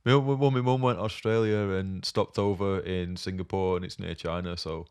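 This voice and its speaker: Man, quick delivery, low pitch, young adult, podcast co-host, chatty, lots of "like". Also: fairly even intonation, darkish tone, clean tone. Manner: quick, chatty, laughs while talking, peppers speech with "like". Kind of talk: casual chat.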